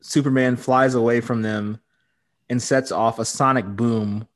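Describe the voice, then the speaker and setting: A man's voice: medium pitch, fairly even intonation, measured pace. A man co-hosting a podcast, recapping an episode in casual chat and laughing often. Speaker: podcast co-host.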